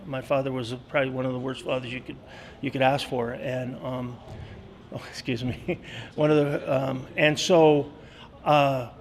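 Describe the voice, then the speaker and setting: A school custodian in his sixties, talking earnestly in an interview with many pauses and fillers. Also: mid-range voice, fairly even intonation, a little hiss or hum. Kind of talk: interview storytelling.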